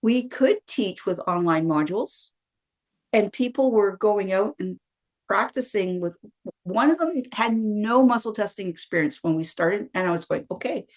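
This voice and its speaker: A middle-aged woman, a guest telling her own story in a lively conversational way and acting out what she thought at the time. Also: mid-range voice, moderate pace. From Canada. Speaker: guest, wellness practitioner.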